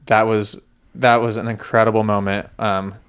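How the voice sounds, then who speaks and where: A man co-hosts a casual sports podcast in a smooth, resonant voice. He talks eagerly and rambles, leaning on fillers as he goes. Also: fairly low pitch, little pitch movement, normal speed, fairly bright tone. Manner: eager, rambling fan talk with many fillers. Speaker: podcast co-host.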